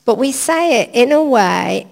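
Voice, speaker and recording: A woman preacher giving an informal sermon in a church hall, chatty, anecdotal and gently humorous. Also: on the high side, lively intonation, a little slow, vocal fry. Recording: long reverb of a church hall.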